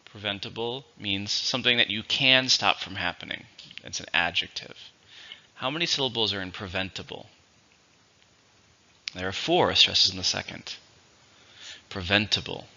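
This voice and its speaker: Male English teacher, low and sharp-toned, dull lo-fi recording, measured explanations. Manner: slow, deliberate explanations with repeated words. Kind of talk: vocabulary lesson.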